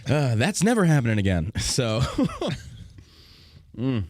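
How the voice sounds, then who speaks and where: A man's voice: mid-range voice, wildly swooping pitch, takes it slowly, a little mellow, no echo. An American man hosting a podcast, talking in a casual, profane and combative way, often laughing. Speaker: podcast host.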